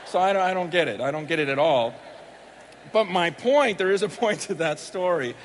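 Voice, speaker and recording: High-voiced pastor, rambling and jokey. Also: male voice, lively intonation, moderate pace, big-room sound, a little hiss or hum. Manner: rambling, self-deprecating storytelling with many restarts; jokey, acts out his own inner thoughts. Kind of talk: sermon opening with a personal story.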